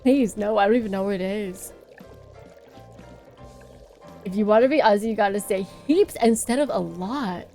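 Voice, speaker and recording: A woman's voice: medium pitch, a little fast, darkish tone, soft background music. A woman streamer chatting casually on a livestream, playful and giggly, rambling as she talks.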